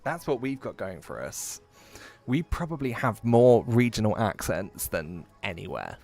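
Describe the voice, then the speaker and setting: A man's voice: on the low side, big pitch swings, unhurried, gravelly, a little mellow, faint music behind. A man from England with an English accent and a bit of Midlands, chatting casually and rambling while streaming a game, with frequent swearing. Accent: English, with a touch of Midlands. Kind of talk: casual livestream chat while gaming.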